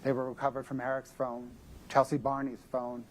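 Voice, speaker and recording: A man's voice: medium pitch, completely flat delivery, slight background noise. Methodical male prosecutor in court. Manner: measured, methodical, emphatic. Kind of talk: courtroom closing argument.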